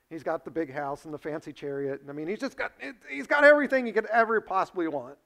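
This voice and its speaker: A man's voice: a little high, a little fast, vocal fry. Man preaching a dramatic sermon. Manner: storytelling, acts out dialogue with big swings in loudness. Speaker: pastor.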